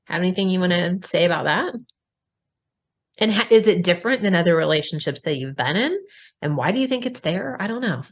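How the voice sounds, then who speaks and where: A woman's voice: on the low side, expressive, a little fast. A woman hosting a podcast, talking frankly and expressively, swearing casually and speaking straight to her listeners. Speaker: podcast host. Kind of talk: candid conversational podcast talk.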